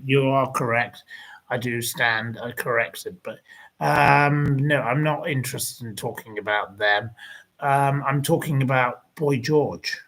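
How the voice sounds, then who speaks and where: Slow, husky-voiced indignant man ranting. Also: medium pitch, fairly bright tone, low-quality recording. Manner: indignant, rambling, repeats insults. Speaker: channel host answering viewer comments. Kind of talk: ranting livestream talk.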